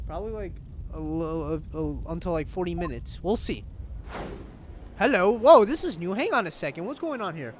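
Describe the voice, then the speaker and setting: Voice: medium pitch, animated, moderate pace, a little hiss or hum. A gamer casually commenting on a story game, self-deprecating and giggly. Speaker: let's-play gamer. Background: faint game music.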